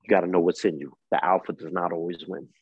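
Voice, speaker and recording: A husky, low-voiced man in his forties with a New York accent speaks in a podcast interview. He tells his story emphatically, in a street-wise way, as a coach giving life lessons. The recording is dull and lo-fi, with a dry, close sound. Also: fairly even intonation, fast, dry recording. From East New York, Brooklyn. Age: 40s. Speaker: guest, coach.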